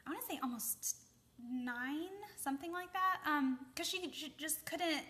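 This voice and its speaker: A woman's voice: high voice, normal speed, bright, forceful tone. A young woman, a mom, giving casual advice to the camera, chatty with lots of ums and a habit of asking "okay?". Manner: chatty, many fillers, keeps asking okay.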